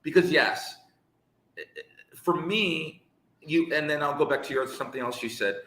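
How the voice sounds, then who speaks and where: A man's voice: fairly high pitch, unhurried, pushed and bright, roomy sound, poor audio. A man, an English teacher co-hosting a live talk, speaking emphatically with rhetorical questions. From United States. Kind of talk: live conversational discussion.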